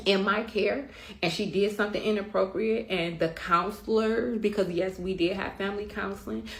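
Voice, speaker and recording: In a storytime rant, a middle-aged woman tells her side as a mother, blunt, emphatic, and often cursing. She has a gravelly mid-range voice, recorded with roomy echo.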